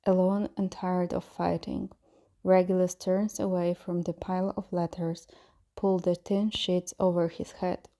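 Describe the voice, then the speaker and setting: Low, gravelly woman reading a story. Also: level tone, a little slow, dark tone. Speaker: fan-fiction reader.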